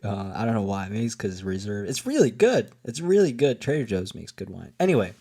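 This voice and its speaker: Man, lowish voice, rambling solo podcast talk, slightly tipsy, lots of fillers. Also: lively intonation, brisk. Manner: meandering, full of fillers and restarts. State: a little tipsy from wine. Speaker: podcast host.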